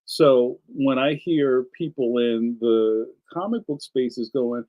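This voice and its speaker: A middle-aged man hosting a casual live stream, ranting in an animated way and reading viewer comments aloud. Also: mid-range voice, slow pace, few pauses, poor audio. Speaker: live stream host, cartoonist.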